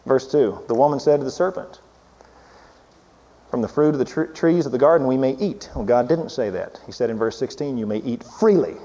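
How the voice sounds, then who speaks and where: A man preaching a sermon, swinging between loud emphatic peaks and low hushed asides. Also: fairly quick, big-room sound, poor audio.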